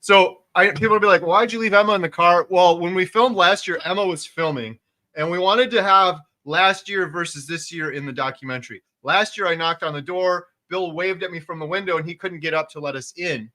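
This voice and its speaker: Middle-aged guy hosting a livestream, pretty high voice, earnest and straightforward. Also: fairly quick, sharp tone. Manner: earnest, matter-of-fact storyteller who chimes in. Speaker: host. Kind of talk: casual livestream chat.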